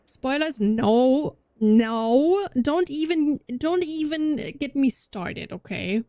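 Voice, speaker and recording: Her high voice is warm, animated, and slow, recorded dry in clean studio sound. A young German woman with a subtly Scandinavian-tinged accent, she chats casually with livestream viewers while gaming, rambling and repeatedly restarting her sentences.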